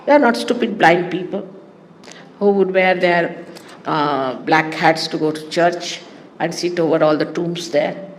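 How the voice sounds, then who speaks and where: A woman giving a spiritual talk to her followers in an animated, teasing way, often laughing. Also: on the low side, measured pace, long reverb tail, slight background noise. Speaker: spiritual teacher.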